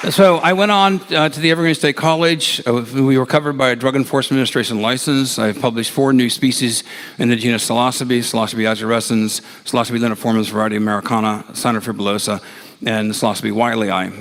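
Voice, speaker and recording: Man with a gravelly voice, speaker at a big live lecture, anecdotal and rambling, with noise in the room. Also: medium pitch, steady tone, a little fast, a bit bright, a faint crowd. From USA (Ohio). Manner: chuckling, rambling storyteller with hesitations. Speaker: speaker at a large talk. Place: large lecture hall with hundreds of people. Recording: noisy live talk recording.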